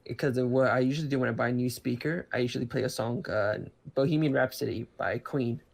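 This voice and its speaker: Fast and creaky at a medium pitch, a man co-hosting a podcast rambles casually about laptops, restarting often and using lots of fillers.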